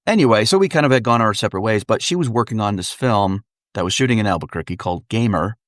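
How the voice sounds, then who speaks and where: Animated male storyteller from Wisconsin. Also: on the low side, quick pace, no room sound, clean studio sound. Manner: animated, comic storyteller, fond of voices. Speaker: dialect coach, guest. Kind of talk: casual interview storytelling.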